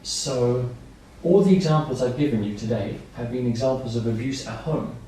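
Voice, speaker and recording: In a training room, a man teaches nursery staff, explaining simply and repeating his points with everyday examples. His voice is mid-range and dark, at a normal speed, with a little hiss or hum. The lecture is recorded from far off in an echoey room.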